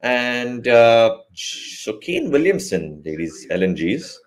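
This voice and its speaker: A man's voice: mid-range voice, sing-song, slow. A man giving a live cricket commentary hangout, rambling with joking asides and correcting himself mid-sentence.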